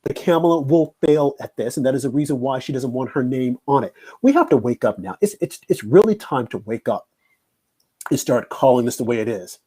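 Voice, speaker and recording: A man hosting political commentary in an emphatic, repetitive way. His voice is husky and mellow, with a relaxed, dark tone. He sits at a middle pitch. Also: brisk. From United States. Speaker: host.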